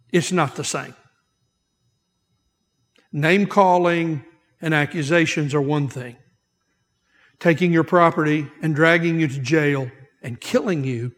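A man preaching a sermon as pastor, emphatic, repeating key phrases and slowing down to stress them. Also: on the high side. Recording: long hall reverb.

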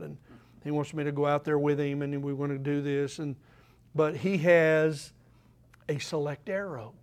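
An older man preaching a sermon, asking the congregation questions and swinging between loud declarations and quiet asides. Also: on the high side.

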